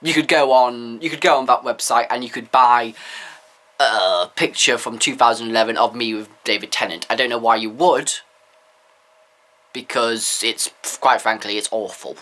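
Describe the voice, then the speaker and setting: A man's voice: medium pitch, moderate pace, bright, forceful tone. A man giving candid, opinionated views in a rambling casual vlog. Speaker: vlogger.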